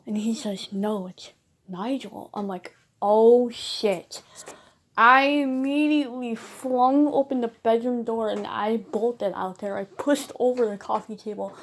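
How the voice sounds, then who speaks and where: A woman's voice: fairly high pitch, slight background noise. A young woman casually telling a rambling personal story in a vlog, chatty and emphatic, with lots of fillers. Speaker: bird owner vlogger.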